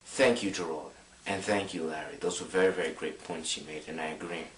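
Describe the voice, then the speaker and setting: A young man talking to camera in a rambling, excited way, full of filler words. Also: low voice, brisk, slight background noise. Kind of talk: casual monologue to camera. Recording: roomy, distant mic.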